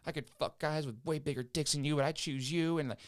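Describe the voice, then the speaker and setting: Um homem imitando uma jovem namorada bêbada e furiosa, com voz aguda e zombeteira. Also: male voice, steady tone, fast, dry recording, natural voice. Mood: furious. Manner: shrill mocking quote. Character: drunk angry young woman, a girlfriend, shrieking insults.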